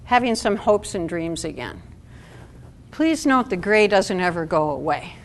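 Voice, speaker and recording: A woman's voice: fairly low pitch, sing-song, measured pace, a little hiss or hum. A middle-aged woman giving a talk to an audience at a support event, conversational and asking the room questions.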